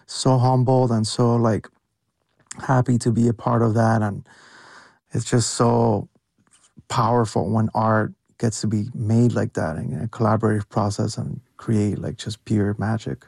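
A man's voice: on the low side, flat delivery, a little slow, creaky, darkish tone, dry recording. A young adult man, a guest producer, talks with enthusiasm in a casual interview and uses "like" a lot. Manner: enthusiastic, filler-heavy, says "like" a lot.

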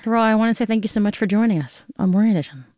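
A woman's voice: medium pitch, very fast, warm tone, no room sound, clean studio sound. A woman hosting a public radio morning show, conversational and friendly, interviewing a guest and reading station announcements. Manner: friendly, conversational, some fillers. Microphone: studio mic, dry.

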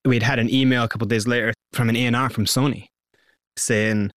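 Animated Scottish man telling a story. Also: mid-range voice, fast, no room sound, studio quality. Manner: lively, animated storyteller who acts out quotes. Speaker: interview guest. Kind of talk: storytelling in a conversational interview.

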